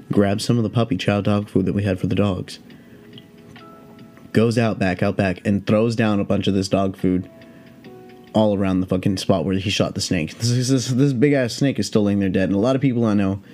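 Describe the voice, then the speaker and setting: A young man who is high, telling a rambling story in a laid-back, profane, meandering way. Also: fairly even intonation, moderate pace, darkish tone, faint music behind. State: high on cannabis. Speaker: podcast host.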